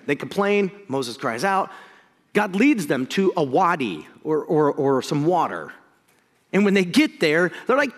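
A man preaching a sermon, energetic and jokey, swinging from loud excitement to hushed lines. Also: a little high, long reverb tail. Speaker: pastor.

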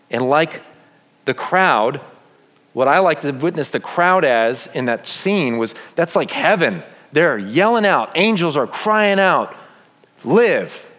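A man preaching a sermon as pastor, full of rhetorical questions. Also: on the high side. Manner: animated, asks many rhetorical questions. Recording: long reverb of a large hall.

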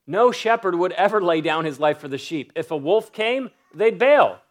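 A man preaching a sermon, emphatic, stretching key phrases slowly for weight. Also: high voice, animated. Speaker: pastor.

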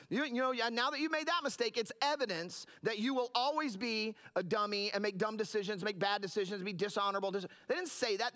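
A man's voice: sits high, pushed and bright. A middle-aged man, a pastor, preaching a sermon in an earnest, storytelling way with frequent restarts.

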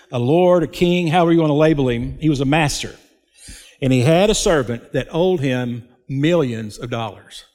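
A man preaching a sermon as a pastor, slow and emphatic, with dramatic pauses. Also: fairly high pitch. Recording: long hall reverb.

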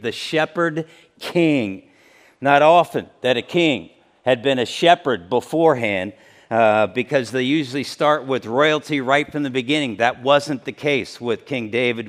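A man's voice: high-pitched, fairly bright tone. A man preaching a sermon, earnest and emphatic, repeating key phrases and restarting his sentences as he teaches. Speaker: pastor.

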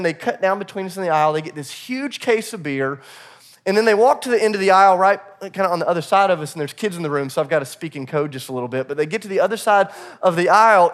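A male pastor preaching a sermon. He tells a personal story in a lively way and acts out the people in it. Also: sits high. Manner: animated storyteller, voices the people in his story.

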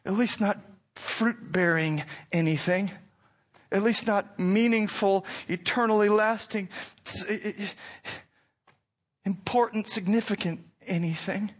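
Male preacher with a high voice, impassioned, moving from hushed to near-shouting. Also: a little slow. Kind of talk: sermon.

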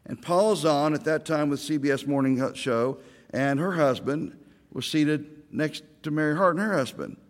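A man's voice: a little high, normal speed, long reverb tail. A middle-aged man from Oklahoma, a pastor giving a sermon, telling stories with self-deprecating humor.

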